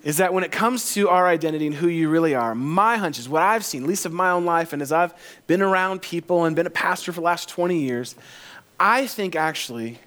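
A pastor in his forties preaching in a relaxed, conversational way. He slips in jokes and often circles back to repeat a phrase. His voice sits a little high for a man. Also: a little fast. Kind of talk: sermon.

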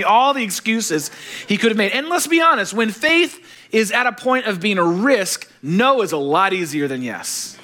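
Male pastor, lively and joking, slightly high bright voice, acts out his quotes. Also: moderate pace. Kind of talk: sermon.

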